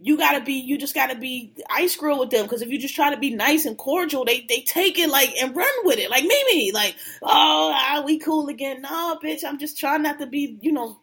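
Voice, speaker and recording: A woman's voice: high voice, a little fast, few pauses, fairly bright tone. A woman co-hosting a casual podcast, gossiping bluntly about reality TV with lots of slang and laughter. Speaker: podcast co-host.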